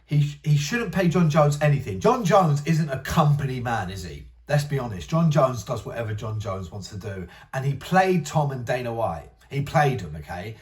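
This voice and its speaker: A man's voice: mid-range voice, animated, moderate pace, few pauses, darkish tone, distant mic. A young man hosting a casual commentary channel, ranting in an exasperated, rambling way and mocking others in whiny voices. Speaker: MMA commentary channel host.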